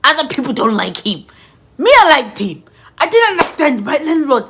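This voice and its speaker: A middle-aged woman telling a story in an animated storytime vlog, dramatic and expressive, acting out explosion sounds as she goes. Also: high-pitched, normal speed.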